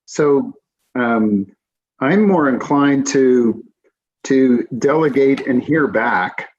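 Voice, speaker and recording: A man's voice: mid-range voice, animated, very slow, a little mellow. A man on a city council speaking in a meeting, frank and dry, stopping and restarting often. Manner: hesitant, many restarts and fillers. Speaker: council member. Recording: slightly dull lo-fi audio.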